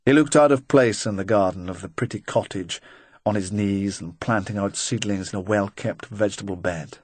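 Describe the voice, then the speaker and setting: Low-voiced man reading a crime novel. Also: normal speed, slight background noise. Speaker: audiobook narrator. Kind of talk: scripted narration.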